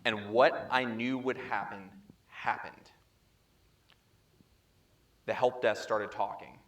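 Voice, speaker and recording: A man presenting at a security chapter meeting, telling a story in a lively way and acting out the dialogue, speaking into a handheld microphone. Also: fairly low pitch, takes it slowly, pauses often. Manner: animated storyteller who acts out quoted dialogue. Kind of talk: conference talk, storytelling. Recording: echoey room, faint background noise.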